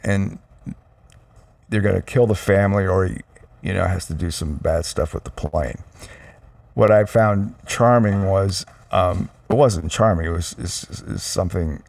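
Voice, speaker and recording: A man's voice: deep voice, measured pace, gravelly, a little mellow. A middle-aged father co-hosting a casual chat at home, rambling with lots of restarts. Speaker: father and podcast co-host. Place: home room with air conditioner.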